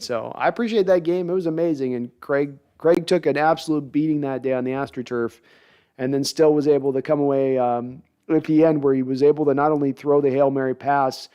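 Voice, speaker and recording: A man's voice: medium pitch, darkish tone, smooth. A man hosting a casual sports live stream, rambling playfully and reading out viewer comments. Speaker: podcast host.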